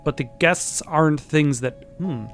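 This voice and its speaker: A man's voice: on the high side, measured pace, faint music behind. A man giving casual gameplay commentary, wry and self-mocking. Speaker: let's play host.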